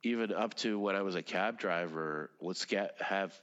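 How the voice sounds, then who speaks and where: A man's voice: low voice, normal speed, a bit bright, long reverb tail, highs cut off. A man in his fifties, a native Russian speaker, rambling casually as an interview guest, with lots of fillers, restarts and swearing. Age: 50s. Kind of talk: casual conversation.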